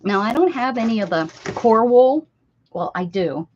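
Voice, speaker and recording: A woman's voice: a little high, expressive, normal speed, slight background noise. Older woman, craft-stream host, rambling friendly chat with viewers, slightly dull lo-fi sound. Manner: chatty, reads chat aloud and answers viewers. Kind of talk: casual livestream chat. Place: home craft room at a desk.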